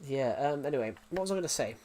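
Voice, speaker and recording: A man's voice: mid-range voice, lively intonation, quick pace, warm tone, a little hiss or hum. Rambling young man live-streaming games. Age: 20s. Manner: rambling, with frequent restarts and repeats. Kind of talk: casual live-stream chat.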